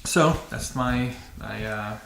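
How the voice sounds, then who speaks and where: Slow and gravelly, his voice sits on the low side with a fairly bright tone. He's the host of a dirt bike vlog, speaking to camera in a casual, matter-of-fact way with many fillers and restarts, and the echoey room carries faint noise.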